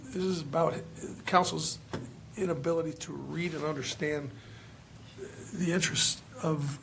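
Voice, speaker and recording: Man, county commissioner, gravelly, slightly high voice, frustrated, halting, faint room noise. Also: fairly even intonation. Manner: frustrated, halting, many restarts. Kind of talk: public hearing remarks. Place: hearing room.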